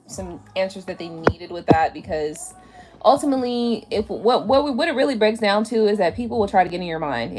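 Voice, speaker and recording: Lively, tipsy woman chatting on stream. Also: fairly high pitch. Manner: blunt, profane, chatty, laughs often. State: a little drunk. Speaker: tarot reader hosting a live stream. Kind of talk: casual live-stream chat. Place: at home, lying down. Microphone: tablet camera mic.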